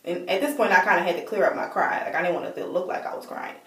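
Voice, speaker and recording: Animated woman telling a story, roomy sound. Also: lowish voice, rapid-fire, recorded from a distance. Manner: animated, acts out quoted dialogue, many "like" fillers. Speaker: storytime vlogger. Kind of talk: casual storytelling. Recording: roomy echo, voice set back from the mic.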